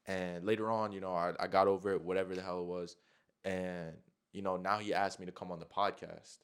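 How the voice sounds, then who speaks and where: A man's voice: low-pitched, little pitch movement, fairly quick, clear, resonant tone. A man hosting a casual podcast chat, talking loosely with lots of slang, cursing and "like" fillers. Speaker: podcast host.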